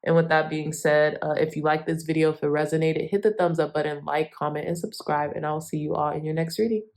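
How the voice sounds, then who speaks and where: A woman's voice: low voice, little pitch movement, brisk, a little mellow. A woman giving a chatty, effusive tarot reading straight to her viewers. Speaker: tarot reader.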